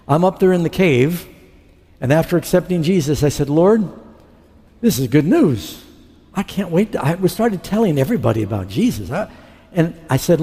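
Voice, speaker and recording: A man's voice: a little high, very animated, moderate pace, dark tone, slightly rough. A middle-aged man preaching a sermon, telling his conversion story and acting out his past dialogue. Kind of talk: sermon testimony. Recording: long hall reverb.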